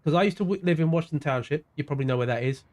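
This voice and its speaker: A man's voice: on the high side, very fast, a little mellow. A man with a South London accent, chatting casually to viewers by name during a live racing game stream. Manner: chatty, greets viewers by name, drifts into mumbled asides. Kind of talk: casual livestream chat while gaming.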